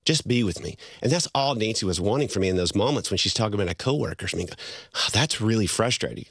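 A middle-aged man talks about marriage and empathy in lively storytelling. His pitch swoops up and down as he acts out little quoted exchanges, and he laughs easily. The sound is close and dry. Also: rapid-fire, dry recording. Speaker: guest speaker on marriage. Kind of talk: conversational storytelling.

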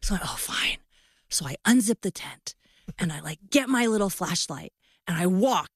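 A woman in her fifties telling a personal story in a casual chat, animated, acting out voices as she goes. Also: lowish voice, moderate pace, breathy edge, no echo, studio quality. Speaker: guest.

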